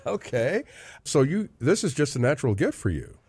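A man hosting a faith music radio show, interviewing a guest in an upbeat, lively way. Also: fairly high pitch, moderate pace, slightly rough, dry recording. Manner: upbeat, lively questioning with laughs. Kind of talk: interview chat.

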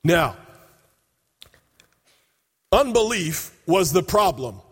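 In a high, husky voice, a man delivers a very animated sermon, retelling scripture with emphatic, drawn-out quotes. Long reverb from a large hall surrounds his words.

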